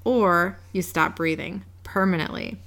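A woman reading the lines of a stern, blunt young man who threatens a demon, in a low, gravelly voice. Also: a little slow, a bit bright.

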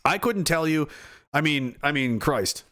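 An Atlantic Canadian man hosts a livestream, reading chat and ranting profanely, his delivery ranging from shouting to muttering. His voice is on the high side, expressive, and unhurried.

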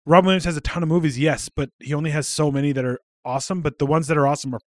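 A man's voice: a little high, fairly even intonation, racing, no echo, clean studio sound. A man hosting a casual podcast chat, laughing often and swearing freely. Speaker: podcast host.

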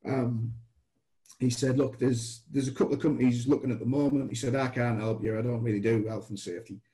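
A middle-aged British man tells a story in a relaxed, mellow voice. He rambles, starts over, and slips into the voices of the people he quotes. His pitch sits in a normal male range. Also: a little fast, poor audio. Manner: chatty, restarts, animated quoted dialogue. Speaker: guest telling stories. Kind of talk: casual anecdotal storytelling.

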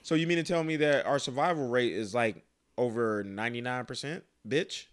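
A man's voice: medium pitch, moderate pace, smooth. Profane ranting army sergeant, man. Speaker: army NCO. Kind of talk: casual chat.

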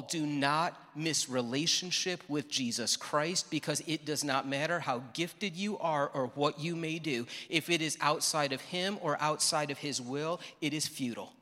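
A man preaching a sermon as pastor, conversational, with dramatic pauses, acting out the lines of the people in the story. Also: fairly high pitch, a bit bright. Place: church sanctuary. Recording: reverberant church hall.

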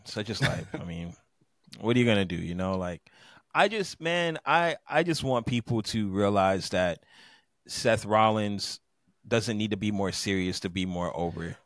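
A man co-hosting a casual podcast speaks in a fairly low voice. He sounds exasperated and muses aloud. The sound is dry and close. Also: expressive, normal speed, no room sound. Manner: exasperated, musing. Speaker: podcast co-host.

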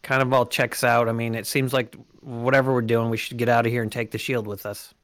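A man's voice: mid-range voice, little pitch movement, brisk, a bit bright, dry recording. Hesitant man playing a tabletop game. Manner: hesitant, filler-heavy talk. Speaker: player.

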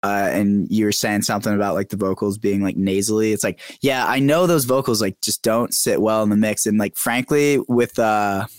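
A man's voice: on the low side, normal speed, hardly any pauses, clear, resonant tone, no room sound, clean studio sound. A young man, a podcast guest, chatting casually and animatedly, full of "like" and "dude". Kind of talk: casual chat.

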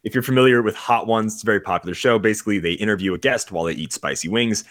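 A man's voice: lowish voice, very fast, a bit bright, dry recording, clean studio sound. A man co-hosting a casual podcast, playful and teasing. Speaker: podcast co-host.

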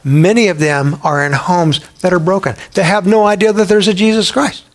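A male pastor delivering a sermon with a slightly raised pitch. He presses his points with repeated rhetorical questions and an emphatic, urging delivery. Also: steady tone, moderate pace.

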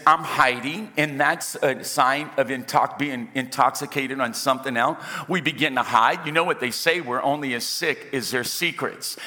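Animated preacher in a reverberant hall. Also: male voice, medium pitch. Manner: animated preacher, acts out dialogue and jokes with the crowd. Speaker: pastor. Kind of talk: sermon. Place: church auditorium.

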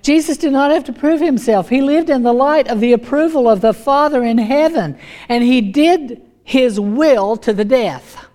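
A woman's voice: high-pitched, normal speed, mellow. A woman preaching a sermon, emphatic and repeating her key lines.

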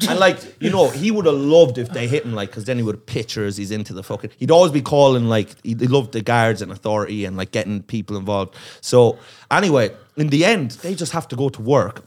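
A man's voice: medium pitch, expressive, fast talker, hardly any pauses, breathy edge. A man telling a long, profane story on a comedy podcast, acting out the voices of the people in it. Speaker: comedian guest.

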